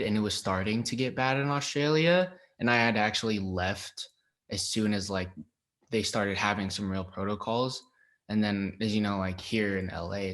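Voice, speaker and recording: A young man from Los Angeles, an actor guest in a casual interview, relaxed and hesitant with many fillers. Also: on the low side.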